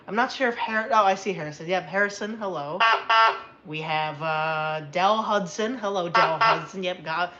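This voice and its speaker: A tired woman hosting a casual livestream, chatty and rambling and quick to get excited. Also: medium pitch, muffled recording, slight background noise. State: tired after a long day. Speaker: livestream host.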